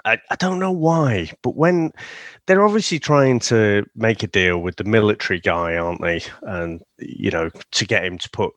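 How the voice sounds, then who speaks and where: A man with a lowish, a bit bright voice co-hosts a casual film review chat at a moderate pace, with no room sound. He rambles through the plot, laughs often and drops into silly voices.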